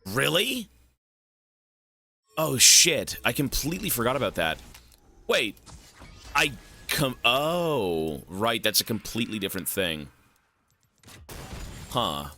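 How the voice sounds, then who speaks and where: Animated, sharp-toned male streamer. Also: mid-range voice, takes it slowly, long pauses. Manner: animated, opinionated rambling with frequent swearing. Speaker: game streamer. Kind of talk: casual chat while gaming.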